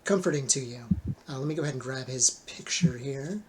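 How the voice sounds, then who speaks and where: Relaxed game master narrating. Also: medium pitch, a little fast, background noise. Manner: relaxed, filler-heavy narration.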